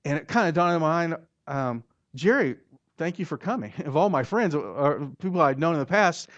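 A man with an Oklahoma accent preaching a storytelling sermon in a folksy, halting way, often repeating words as he goes. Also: on the high side, sing-song, fairly bright tone, no room sound. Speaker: pastor. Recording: dull lo-fi, dry.

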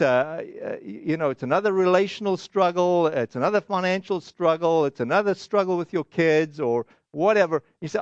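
A man's voice: sits high, lively intonation, normal speed, no echo, highs cut off. A man preaching a sermon as pastor, earnest and conversational, often restarting and acting out little quoted asides.

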